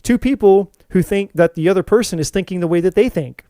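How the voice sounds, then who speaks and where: A man hosting a spiritual talk to camera, telling an animated story, swearing freely, and often restarting his sentences. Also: high-pitched, brisk, dry recording. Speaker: tarot reader and spiritual channel host.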